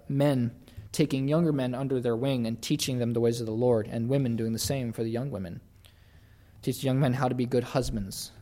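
A man's voice: mid-range voice, darkish tone. A young man preaching a sermon in an earnest, conversational way, acting out the voices he quotes.

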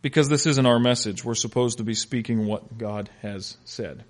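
A man teaching an interactive Bible lesson, animated and questioning his class with humor. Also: medium pitch, normal speed.

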